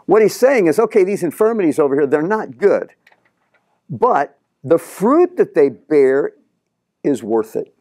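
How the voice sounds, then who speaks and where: A middle-aged male pastor preaching a sermon in an animated way, acting out the prayers he quotes. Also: on the high side, measured pace, no echo, clean studio sound.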